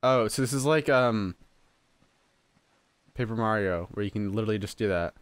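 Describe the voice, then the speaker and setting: There's no room sound as a young gamer with a fairly low voice casually narrates his role-playing game at a normal speed. He curses often and laughs and yelps at surprises.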